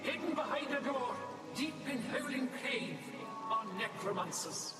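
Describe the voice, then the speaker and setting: A woman's voice: sits high, animated, measured pace. A woman voicing a commanding female Daedric goddess with a Scottish accent, speaking in solemn, declamatory game dialogue. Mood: stern, commanding. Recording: echoey, distant game audio with loud music.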